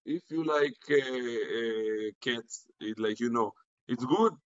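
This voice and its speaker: A man's voice: medium pitch, slow, lo-fi sound. A young Israeli man, a native Hebrew speaker, chatting playfully and rambling as a guest over a video call. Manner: rambling, playful, repeats words. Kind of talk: casual interview chat.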